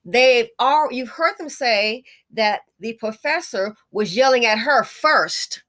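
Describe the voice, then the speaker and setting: A woman's voice: fairly high pitch, expressive, takes it slowly, a bit bright. Indignant middle-aged woman commentator, emphatic and repetitive, fond of "honey". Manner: indignant, emphatic, repeats phrases; calls the listener honey. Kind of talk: casual video commentary.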